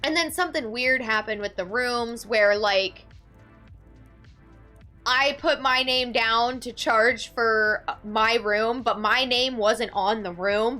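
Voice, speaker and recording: A woman telling a story casually to her chat, animated and dramatic in her ranting. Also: a little high. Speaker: streamer.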